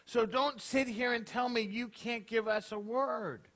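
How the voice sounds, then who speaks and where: A man's voice: very high-pitched, fairly even intonation, unhurried, fairly bright tone. A man, a rabbi preaching a casual, conversational sermon to his congregation, tossing out rhetorical questions. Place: congregation hall.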